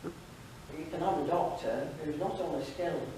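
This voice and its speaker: A woman's voice: low-pitched, a little slow, dark tone, a little hiss or hum. A woman giving a devotional talk at a church fellowship evening, reading a story aloud with chatty asides to the audience. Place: church hall. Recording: very echoey hall, distant mic.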